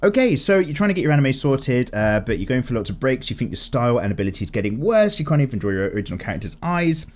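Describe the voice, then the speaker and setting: A man's voice: mid-range voice, fast talker, hardly any pauses. A man in his thirties hosting an art channel, chatting casually through viewer comments with a slightly strained, cracking voice and free swearing. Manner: chatty and lively, swears freely. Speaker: YouTube art channel host.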